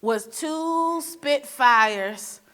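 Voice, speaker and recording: Woman giving a lively motivational speech. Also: high voice, drawn-out words. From Michigan, USA. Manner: preacher-like, rhetorical questions to the audience; lively storytelling with playful asides. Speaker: panel moderator.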